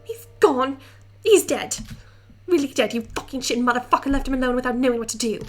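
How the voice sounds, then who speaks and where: A woman reading the lines of a hot-tempered young male agent from a game, shouting curses. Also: high voice, sing-song, quick pace, voice pushed up. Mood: furious. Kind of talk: reading game dialogue aloud.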